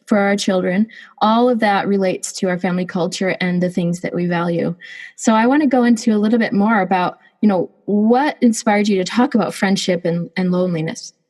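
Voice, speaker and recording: A woman's voice: medium pitch, a little mellow. A woman in her thirties hosting a podcast, chatting casually with a giggly, restarting way of talking. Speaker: podcast host.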